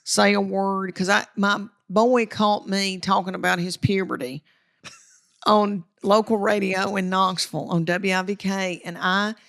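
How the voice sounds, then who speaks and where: Woman, Southern accent, middle-aged, folksy and animated, gravelly fry. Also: medium pitch, unhurried. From Tennessee. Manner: folksy, animated, acts out family quotes. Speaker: comedian guest. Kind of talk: storytelling interview chat.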